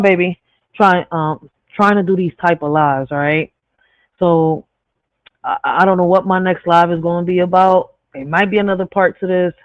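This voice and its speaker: A man with a higher-pitched voice hosts a live stream, reading reflective poetry and posing rhetorical questions, frequently ending his points with "right?" The sound is dry and tinny like a phone, with no echo.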